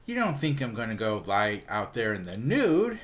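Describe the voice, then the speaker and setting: A man's voice: lowish voice, wildly swooping pitch, normal speed, a bit bright. A man voicing a cheerful, innocent teenage girl who talks in a sweet, prim way.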